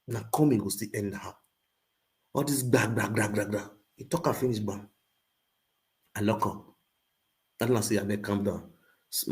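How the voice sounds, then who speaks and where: A man with a Nigerian Pidgin accent telling a story in an animated rant, swinging between loud outbursts and low muttering. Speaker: social media livestreamer.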